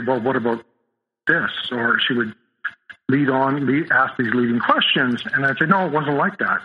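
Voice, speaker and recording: A man as a podcast guest, telling a personal story in a halting way, with many restarts and fillers. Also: medium pitch, dull audio.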